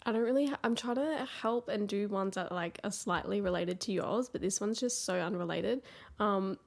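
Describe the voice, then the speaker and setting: A woman's voice: medium pitch, normal speed, vocal fry. A young woman, co-hosting a casual podcast over a video call, blunt and teasing. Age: young adult. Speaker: podcast co-host. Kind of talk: casual chat.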